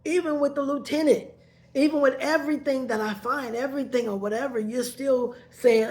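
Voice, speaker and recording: A woman's voice: sits high, normal speed, a little mellow. A woman telling a painful personal story in a rambling way, heated at first and then subdued, sometimes tearful.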